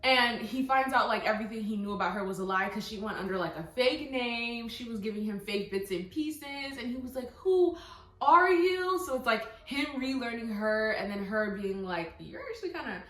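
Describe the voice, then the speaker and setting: A young woman vlogger reviewing books in casual, excited chat, full of fillers and quoted asides. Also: mid-range voice, a little fast, few pauses. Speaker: book vlogger. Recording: echoey room, faint music.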